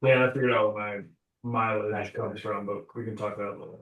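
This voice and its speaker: A man's voice: lowish voice, fairly even intonation, fairly quick, a bit bright. A man playing a tabletop game, talking loosely and swearing casually. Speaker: player. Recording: roomy, distant mic.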